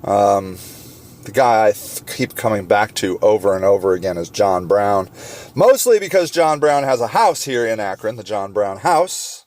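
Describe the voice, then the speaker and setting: A man hosting a solo podcast, talking with passion and sarcastic rhetorical questions, halting often with fillers and restarts. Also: on the low side, lively intonation, a little mellow. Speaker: podcast host.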